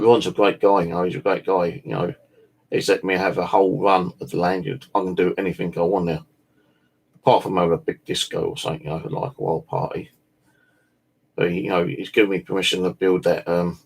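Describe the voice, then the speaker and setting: A tired-sounding bushcraft vlogger speaks in a low, breathy voice with vocal fry. He rambles casually, leaning on "you know" and "like," and swears now and then.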